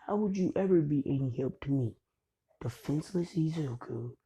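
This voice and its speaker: Angry cussing teen bully, guy voicing him, dark husky voice. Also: on the high side, animated, moderate pace, full character voice. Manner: snarling, cursing. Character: hot-tempered, foul-mouthed teen boy bully.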